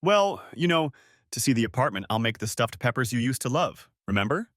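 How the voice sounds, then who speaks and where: A man's voice: mid-range voice, very animated, a little fast, a bit bright, no room sound, clean studio sound. A man voicing a scheming middle-aged ex-wife who coaxes with a put-on sweetness. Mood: coaxing. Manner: coaxing, wheedling.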